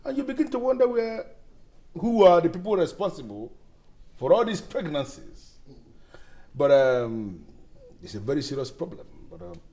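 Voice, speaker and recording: An actor with a Nigerian accent playing a friend who earnestly challenges the husband's claims. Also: male voice, fairly high pitch, big pitch swings, normal speed, pauses often, dark tone. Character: skeptical friend questioning the husband.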